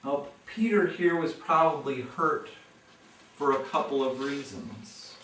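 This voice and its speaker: A man preaches a sermon at an unhurried, measured pace. He acts out the people in his story, his voice climbing louder and higher whenever he quotes them. He is heard from some distance away in a strongly echoing room. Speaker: pastor. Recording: echoey room from far off.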